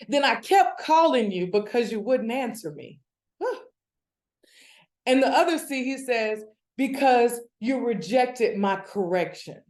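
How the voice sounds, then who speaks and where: A woman giving a devotional Bible teaching, preaching with animated energy that builds in excitement. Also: medium pitch, roomy sound. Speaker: devotional speaker.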